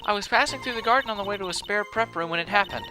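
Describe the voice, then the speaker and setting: A man voicing a frightened young woman, a spirit medium, soft and hesitant. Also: high-pitched, racing, music in the background, pitched above the performer's own voice, lightly acted.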